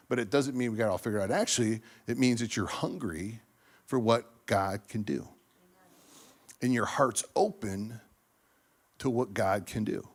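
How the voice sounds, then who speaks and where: Male speaker at a church business meeting, casual and animated, slips into acted-out quoted voices. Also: mid-range voice. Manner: casual, animated, acts out voices in quotes, many fillers and restarts. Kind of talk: energetic preaching talk.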